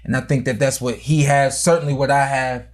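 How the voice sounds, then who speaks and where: A man's voice: mid-range voice, steady tone, fairly quick, crowd noise. A man hosting a podcast in casual chat, a former boxer telling stories earnestly and with animation.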